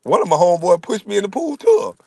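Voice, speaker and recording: A middle-aged man tells rowdy, profane stories and laughs his way through them. His lively voice swings up and down as he reacts to chat. The recording sounds close and dry. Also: sits high, fast talker, creaky, slightly rough, no echo. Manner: laughing, profane, animated storyteller. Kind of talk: casual profane storytelling.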